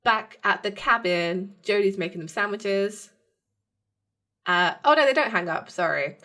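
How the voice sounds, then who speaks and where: A woman's voice: medium pitch, animated, unhurried, pushed and bright. A woman co-hosting a podcast, chatting casually as she recaps a TV episode, acting out characters' lines and laughing often. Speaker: podcast co-host.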